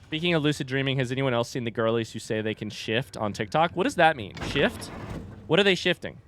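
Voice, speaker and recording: In this casual gameplay commentary, a young man chats, cracks jokes, and yelps at sudden scares. His mid-range voice is animated, fairly quick, and fairly bright, with slight background noise.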